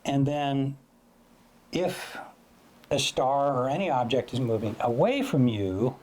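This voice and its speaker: A man's voice: mid-range voice, expressive, takes it slowly, a little mellow, slight background noise. A man teaching astrophotography in a loose, chatty way, sometimes imitating sounds to make a point. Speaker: astrophotography educator. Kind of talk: casual explanatory lesson.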